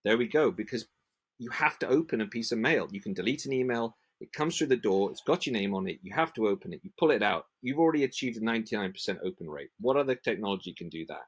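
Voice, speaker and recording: A man from the UK, a print association manager, talking passionately in a podcast interview and acting out sales conversations in lively voices. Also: on the low side, fast, breathy edge. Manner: passionate, acts out sales dialogues in animated voices.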